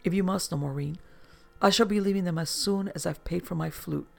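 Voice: mid-range voice, fairly quick, gravelly, a little mellow, soft background music. A reader voicing Alma, guarded young woman. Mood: resolute. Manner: defensive, clipped. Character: young woman, guarded, stubbornly loyal music student.

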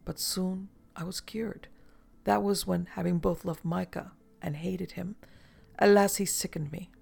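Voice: mid-range voice, fairly even intonation, unhurried, gravelly, a little mellow, husky, full character voice. A storyteller voicing a woman over a century old who speaks in a detached, languid, world-weary way, with faint music behind. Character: weary ageless woman, emotionless.

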